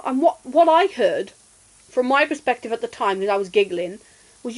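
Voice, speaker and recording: Woman gaming on stream, chatty and animated, laughs as she talks. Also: high voice, normal speed, poor audio. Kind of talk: casual storytelling while gaming.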